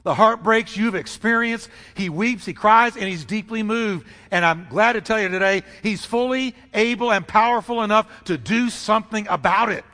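A man preaches with a high, bright, ringing voice. He leans hard on repeated phrases and lets his pitch leap and drop for drama. His words carry a long echo through a large hall. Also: moderate pace, hardly any pauses. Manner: dramatic, emphatic preaching with repetition and sudden pitch swings. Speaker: pastor. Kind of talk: sermon.

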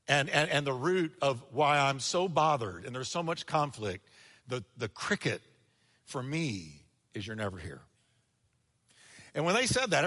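Bright-voiced preacher in a reverberant church. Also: male voice, on the high side. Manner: energetic preaching with sudden drops to quiet, acted-out quotes. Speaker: pastor. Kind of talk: sermon. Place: church sanctuary.

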